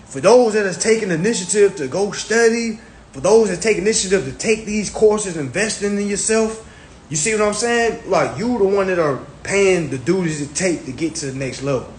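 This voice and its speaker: High-voiced and animated, with a darkish tone, this man livestreams on social media at normal speed. His casual talk is emphatic and profane, full of repeated phrases, and it's recorded in an echoey room with faint background noise.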